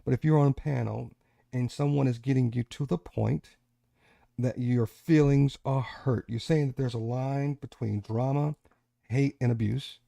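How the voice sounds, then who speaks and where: A man's voice: medium pitch, fairly even intonation, unhurried, creaky, warm tone, no echo. A man hosting a casual online panel discussion, talking in an emphatic, lecturing way. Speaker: host.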